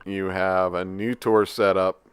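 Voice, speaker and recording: A man conducting a casual interview, unhurried, repeating details back to confirm them. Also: sits low, level tone, clear, resonant tone, no echo.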